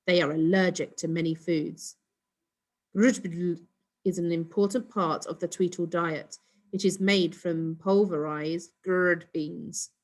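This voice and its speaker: A woman reading a children's storybook aloud in an expressive, steady storytelling voice. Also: on the low side. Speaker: storybook reader.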